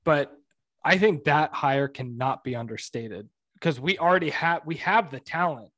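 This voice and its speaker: A man's voice: fairly high pitch, animated, normal speed, sharp tone, no room sound. Man, podcast co-host, upbeat, emphatic, dry close sound. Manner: upbeat, emphatic, swears casually. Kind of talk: casual sports podcast chat.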